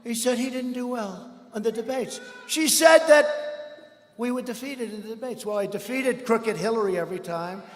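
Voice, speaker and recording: A man giving a rambling, boastful campaign rally speech, often breaking into shouts. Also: extremely high pitch, moderate pace, noisy background. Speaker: political speaker at a rally. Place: large rally hall. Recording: echoey hall with long reverb.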